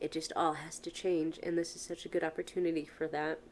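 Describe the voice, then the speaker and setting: Woman podcast host with a slightly low voice, earnest and blunt, working through big questions in a solo monologue. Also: little pitch movement, brisk, a little mellow, slight background noise. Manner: earnest, questioning, speaks frankly with casual swearing.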